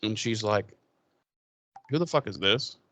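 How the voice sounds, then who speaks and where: A man's voice: on the low side, lively intonation, unhurried, bright, forceful tone. Profane, easygoing man recapping an episode. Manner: loose and profane, paraphrasing characters' lines. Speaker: podcast co-host.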